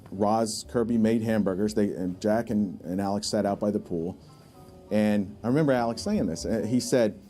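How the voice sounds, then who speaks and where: A man telling admiring anecdotes about a mentor in a documentary interview. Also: fairly low pitch. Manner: animated anecdote-teller, admiring. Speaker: artist recalling a mentor.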